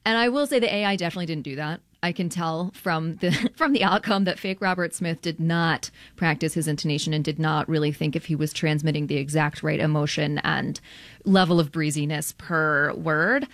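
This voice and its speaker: A woman guest on a radio interview talks animatedly and casually, laughing often and filling her sentences with "like". Her voice sits a little low for a woman. The sound is dry and close, with no room echo. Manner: animated, quick, laughs often, many "like" fillers. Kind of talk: conversational interview.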